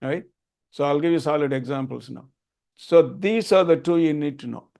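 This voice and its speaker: This older Tamil Nadu man's voice sits on the high side with vocal fry and a darkish tone, moving at normal speed. He's instructing a group in chanting, earnestly restating the key points.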